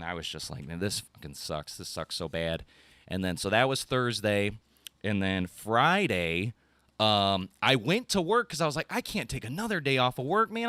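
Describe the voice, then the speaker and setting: A man's voice: lowish voice, sharp tone, no echo. A man, telling a rambling story on a casual podcast, ranting and swearing freely. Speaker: podcast co-host.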